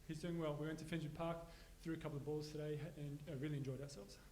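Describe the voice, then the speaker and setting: A man's voice: on the high side, fairly even intonation, very fast, a little mellow. A man doing stand-up, chatting with the audience in a laid-back, friendly way. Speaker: stand-up comedian. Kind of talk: stand-up crowd work. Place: comedy venue with small audience. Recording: echoey live venue with clear noise.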